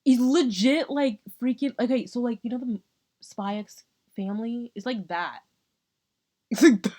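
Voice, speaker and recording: A woman in casual chat, ranting and joking in a loud, profane, slangy way, with a squeaky, nasal voice and added echo on her mic. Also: normal speed.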